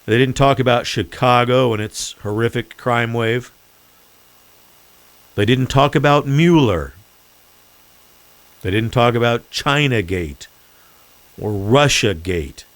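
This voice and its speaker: A man's voice: mid-range voice, takes it slowly, long pauses, a bit bright, no echo. A man hosting his own podcast, delivering a sarcastic, mocking political commentary monologue. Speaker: podcast host.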